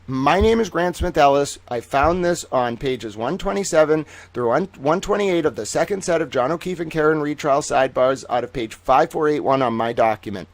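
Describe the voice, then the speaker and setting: A man hosting his own news livestream, his voice sitting a little high for a guy and recorded close and dry, with no room around it. He reacts to court papers with cursing and sudden loud outbursts, then drops to a mutter. For big reveals he slows into a drawn-out, announcer-style delivery. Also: no echo. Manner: excitable and profane, with swings between loud outbursts and muttering. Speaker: independent journalist and show host. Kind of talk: casual livestream commentary on court documents.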